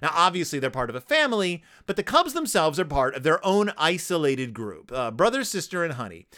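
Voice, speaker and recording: A man hosts a podcast, talking casually and joking as he picks apart a children's book. His voice is bright and clear, and his pitch rises and falls a lot. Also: brisk. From United States. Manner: playful, jokey, animated retelling. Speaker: podcast host.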